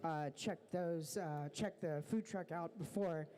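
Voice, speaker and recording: A roller derby announcer introducing bouts and teams live in an easygoing, joking way, with many pauses. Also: medium pitch, dark tone, slight background noise.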